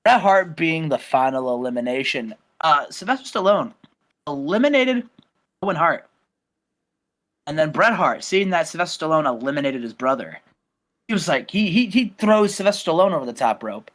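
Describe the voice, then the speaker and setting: A man hosting a casual game playthrough, retelling events in an animated, rambling way with lots of fillers. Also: fairly high pitch, normal speed. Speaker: host.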